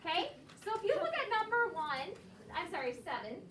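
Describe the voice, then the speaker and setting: A woman's voice: very high voice, sing-song, brisk. A woman teaching a second grade phonics lesson in a classroom, patiently prompting the class with questions and cues. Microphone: far camera. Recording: echoey classroom, far from the mic, with room noise.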